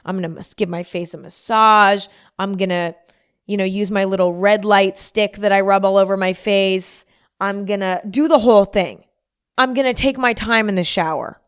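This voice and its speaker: Young woman, solo podcast host, rambling casual chat, self-mocking, smooth clear voice. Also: mid-range voice, fairly even intonation, normal speed.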